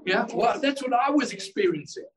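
A man's voice: extremely high pitch, animated, fairly quick, far from the mic, crowd noise, poor audio. A male pastor preaching a sermon in a church service, fervent and exclamatory, often repeating words as he builds a point.

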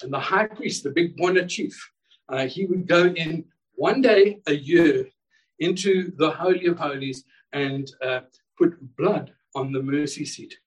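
A man's voice: on the high side, measured pace, recorded from a distance, low-quality recording. A male pastor preaching a sermon in a church service, fervent and exclamatory, often repeating words as he builds a point.

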